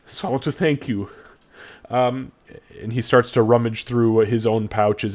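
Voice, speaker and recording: Man narrating a tabletop game. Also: mid-range voice. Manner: quick, descriptive, with fillers and restarts. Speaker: game master.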